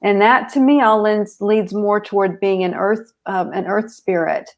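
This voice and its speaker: A woman appearing as a guest on a podcast, explaining her views in a thoughtful, measured way. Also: medium pitch, fairly even intonation. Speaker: guest author. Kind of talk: casual podcast chat.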